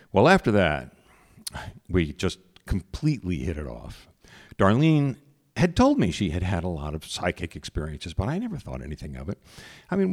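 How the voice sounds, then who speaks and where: A man telling a personal story in a conversational, animated way. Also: deep voice.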